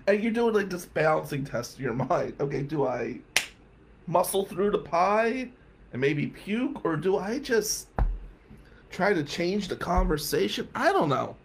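Man, higher-pitched and expressive, casual anecdote told straight to the audience. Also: a little slow, vocal fry, background noise. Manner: animated, conversational, addresses listeners directly. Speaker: storyteller.

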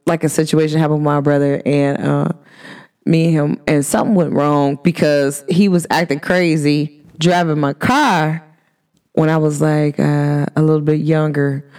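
A woman's voice: deep voice, flat delivery, normal speed, darkish tone, clear, resonant tone. A woman from Cincinnati hosting a podcast, talking to her listeners in a casual, slangy way, laughing often and acting out what people said. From Cincinnati, USA. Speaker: podcast host.

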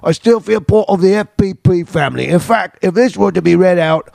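A man putting on a brash cartoon Australian accent, loud and exaggerated. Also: high-pitched, a little fast, creaky, no room sound, studio quality, voice pushed up. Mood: boisterous. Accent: Australian, put-on.

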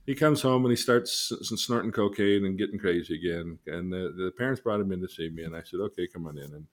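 An older man, a counselor, teaching in a casual way and telling folksy stories with lively acted-out quotes. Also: low-pitched, quick pace. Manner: folksy, animated storyteller who acts out quotes.

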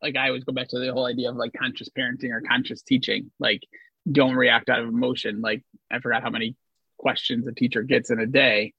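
Gravelly, husky man on a dull mic. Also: medium pitch, level tone, quick pace, no echo. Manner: reflective, many "like" fillers, asks questions. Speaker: teacher podcast co-host. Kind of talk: casual educational discussion. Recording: dull, dry lo-fi sound.

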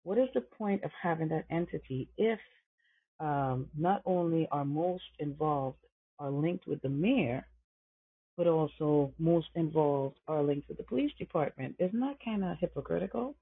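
A man's voice: on the high side, lively intonation, normal speed, slightly rough. A man hosting a podcast, giving impassioned commentary with emphatic repetition and rhetorical questions. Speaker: podcast host. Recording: tinny phone-like line.

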